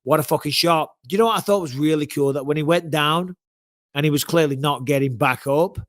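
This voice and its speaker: A man's voice: fairly high pitch, fairly quick, a bit bright, no echo, clean studio sound. Swearing man, casual chat. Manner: swearing, banter. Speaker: podcast co-host, former fighter.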